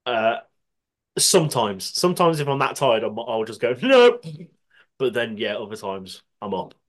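A man's voice: medium pitch, moderate pace. A man co-hosting a podcast, laughing often and swearing freely in casual banter. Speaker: podcast co-host.

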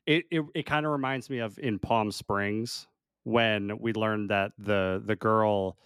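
A man's voice: fairly low pitch, steady tone, a bit bright, clean tone, no room sound, clean studio sound. A man co-hosting a podcast in casual chat, amused and talkative. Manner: chatty, amused, quick to laugh. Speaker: podcast co-host.

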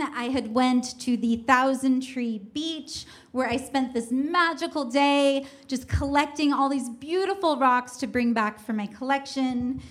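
Woman storyteller, high voice, unhurried delivery, wry and self-mocking. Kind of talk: first-person comic storytelling.

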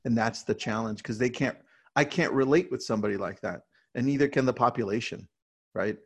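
Casting: man, gravelly mid voice, chatty real estate team leader, keeps checking in with "right?". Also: mid-range voice, brisk. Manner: energetic storyteller, many "right?" tags. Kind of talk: casual interview talk.

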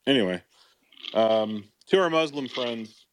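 A man's voice: mid-range voice, lively intonation, a little slow. A man co-hosting an online chat, talking casually with many fillers. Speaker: podcast co-host.

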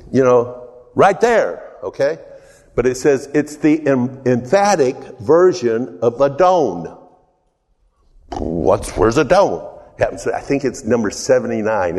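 A man preaching an informal sermon, rambling and conversational, often pausing to ask the congregation questions. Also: medium pitch, darkish tone. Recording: long hall reverb.

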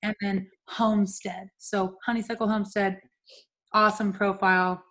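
A woman's voice: medium pitch, little pitch movement, moderate pace, fairly bright tone. A young woman from California co-hosting a podcast, chatting casually, laughing often and swearing freely. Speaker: podcast co-host. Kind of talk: casual chat.

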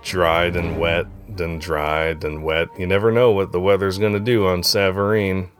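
A man hosting a casual family podcast, relaxed and chatty, often checking in with "right?". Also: low-pitched, normal speed, soft background music. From grew up among Norwegian Americans. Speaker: podcast host.

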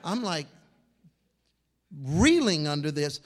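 A man preaching a fiery sermon, telling a story and swinging from shouts to hushed tones. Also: a little high, sing-song, takes it slowly.

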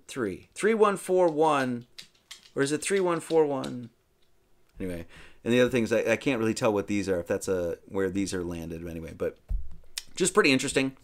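A man's voice: medium pitch, a bit bright. A man hosting a podcast, casually walking through a film scene and thinking aloud with frequent restarts and asides. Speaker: podcast host.

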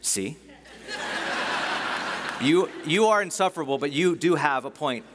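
A male pastor preaching a sermon in a conversational way, joking with the congregation and slowing down to read scripture. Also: on the high side, animated, background noise. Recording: long reverb of a large hall.

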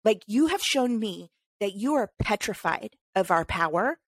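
A woman's voice: mid-range voice, animated, measured pace, husky, no echo. A woman co-hosting a casual podcast chat, emphatic and ranting as she talks. Her voice sits in a middle range for a woman. It is recorded close on a podcast mic with a dry, dead sound and no room around it. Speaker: podcast co-host.

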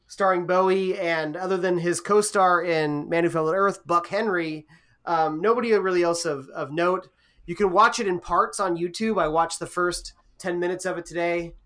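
A man's voice: sits high, a bit bright. A man co-hosting a podcast, chatting casually and rambling with lots of ums and restarts. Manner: rambling, hesitant, many fillers. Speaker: podcast co-host. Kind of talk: casual chat.

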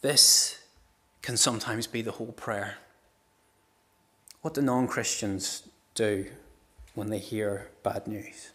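A middle-aged man, a pastor preaching a sermon with passionate storytelling, moving from loud cries to hushed words. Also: on the low side, slow pace, pauses often.

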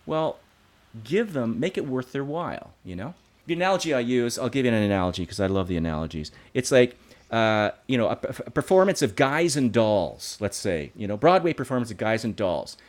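A man chatting as a guest about running live and virtual events, animated and full of restarts and analogies. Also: mid-range voice, a little fast. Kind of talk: casual interview chat.

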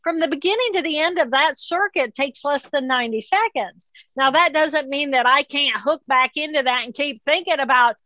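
Woman, high voice, bright tone, explanatory, slightly dull dry audio. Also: moderate pace, dry recording. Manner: explains calmly, acts out inner voices in quotes. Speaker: author and neuroscientist guest. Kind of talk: interview conversation.

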